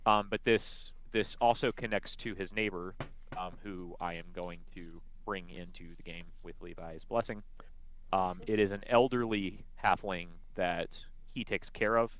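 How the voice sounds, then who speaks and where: A man describing his character's actions in a tabletop game, halting with frequent ums and restarts. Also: low voice, fairly even intonation, a bit bright, low-quality recording. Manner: hesitant, many ums and restarts. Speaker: player.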